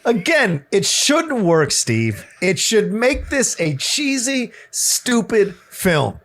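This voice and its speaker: A man's voice: high-pitched, sing-song, slow, fairly bright tone, a little hiss or hum. A man co-hosting a film podcast, gushing with enthusiasm and rambling in casual chat.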